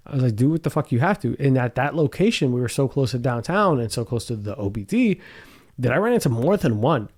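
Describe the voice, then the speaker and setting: A man's voice: mid-range voice, very animated, fairly quick, darkish tone, breathy edge. Profane, laughing male storyteller. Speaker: podcast co-host. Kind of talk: casual chat.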